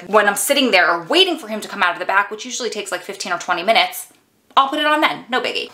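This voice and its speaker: Chatty woman with a bright voice. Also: medium pitch. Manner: chatty and animated, talks to viewers as "girl". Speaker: vlogger, prison wife. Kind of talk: storytime vlog chat.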